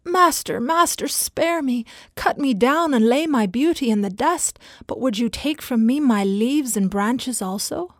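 A woman voicing a proud but gentle male bamboo plant who pleads in anguish, her voice lifting higher and louder as he begs. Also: fairly even intonation, a little slow, few pauses, no room sound, clean studio sound, lightly acted. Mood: pleading. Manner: anguished, imploring, rising in pitch.

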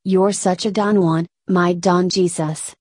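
A woman reading an intimate devotional prayer in an adoring, unhurried way. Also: on the low side, fairly even intonation, darkish tone, slightly rough, no room sound.

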